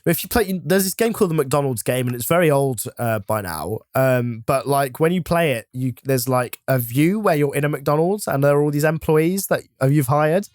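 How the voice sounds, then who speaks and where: A man chatting casually as a gaming co-host, animated and quick to laugh. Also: a little high, no room sound, studio quality. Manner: animated, laughs often, slips into silly voices. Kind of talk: casual chat while gaming.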